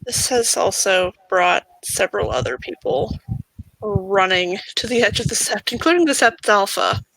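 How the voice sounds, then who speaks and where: Bright, gravelly-voiced game master narrating. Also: mid-range voice, normal speed, no room sound, low-quality recording. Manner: calm narration with small stumbles and repeats.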